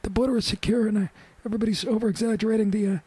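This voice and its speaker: A radio host puts on a frail, soft-spoken older politician who stammers and trails off. The voice is pushed up high and small, thin and quiet, and keeps tripping over the same word before finishing a thought. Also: male voice, fairly even intonation, rapid-fire, husky, no room sound. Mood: meek. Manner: stammering, with filler words. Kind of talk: radio impression.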